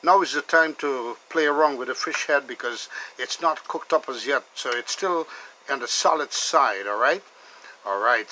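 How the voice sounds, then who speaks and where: A man's voice: fairly high pitch, pushed and bright, slight background noise, poor audio. A man hosting a cooking video, chatting enthusiastically as he cooks and tells stories. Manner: chatty, enthusiastic, calls the food "bad boy". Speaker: cooking channel host. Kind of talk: casual cooking demonstration with storytelling.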